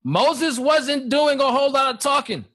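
A man in a casual Bible discussion, reading scripture slowly and acting out the dialogue with animation. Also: very high voice, a bit bright. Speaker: podcast co-host teaching scripture.

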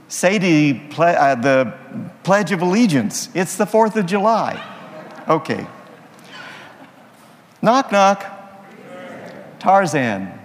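A man's voice: a little high, big-room sound, a little hiss or hum. A man, a priest, opening his sermon with folksy jokes before turning serious. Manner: folksy, playful joke-telling. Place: church.

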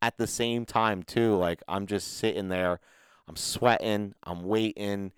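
A man with a low, smooth voice tells a rambling golf story on a podcast, swearing often and laughing as he goes. The sound is close and dry, with no room around it. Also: a little slow, dry recording. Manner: profane, animated storytelling with laughs. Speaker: podcast co-host. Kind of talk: casual chat.

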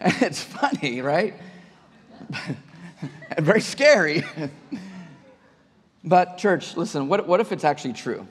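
A man's voice: a little high, animated, slow pace, pauses often, slightly rough. A male pastor preaching a conversational sermon to his church, often restarting and repeating words. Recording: long hall reverb.

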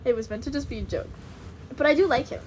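High-voiced young woman, swearing. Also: fast talker, slight background noise. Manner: animated, swearing, quoting texts in voices. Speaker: podcast co-host. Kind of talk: casual chat.

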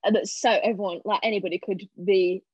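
A young woman chatting casually as a podcast guest, telling animated stories and acting out what people said. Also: medium pitch, a little fast, slightly rough, no echo. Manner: animated storyteller, acting out quotes. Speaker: podcast guest, stage actress. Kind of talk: casual chat. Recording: dull lo-fi sound.

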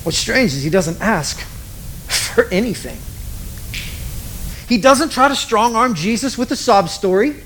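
High-voiced man preaching a dramatic sermon. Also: animated, fairly bright tone, slight background noise. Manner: dramatic storytelling with emphatic pauses and repetition.

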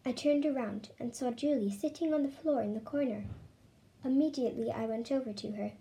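A woman reading a story aloud with expressive, emotional delivery. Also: fairly high pitch, brisk. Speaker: reader. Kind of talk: storybook narration.

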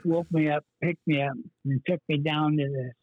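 A man's voice: a little high, fairly even intonation, moderate pace, dry recording. A man, a pastor, earnestly telling his life story in an interview, rambling with many fillers and restarts. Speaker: pastor, guest. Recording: tinny phone-line sound.

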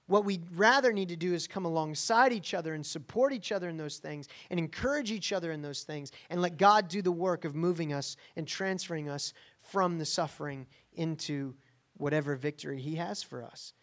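A man's voice: fairly high pitch, fairly quick, fairly bright tone. A man preaching a sermon in a conversational, emphatic way, often checking in with the listeners. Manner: emphatic, conversational, frequent "right?" asides. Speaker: pastor.

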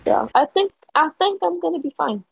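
A young woman co-hosting a casual podcast, halting and giggly, often trailing off. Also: very high-pitched, lively intonation, creaky, background noise. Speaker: podcast co-host. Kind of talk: casual chat. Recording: dull lo-fi home mic.

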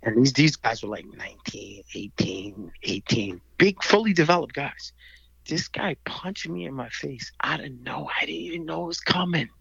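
Gravelly-voiced man telling a story. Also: mid-range voice, moderate pace, no echo, muffled recording. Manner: animated, acts out voices in his stories. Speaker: guest storyteller. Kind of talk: casual storytelling in conversation.

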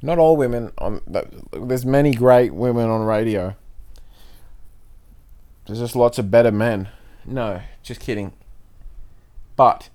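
Rambling deadpan podcast host. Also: male voice, medium pitch, slow pace, long pauses. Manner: deadpan, rambling, self-mocking. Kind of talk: rambling solo comedy podcast. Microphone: podcast mic.

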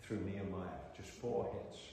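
An older man preaching a sermon at a convention, alternating between loud, impassioned declarations and quiet reflective passages. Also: low voice, moderate pace, vocal fry, background noise. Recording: echoey hall, heard from far off.

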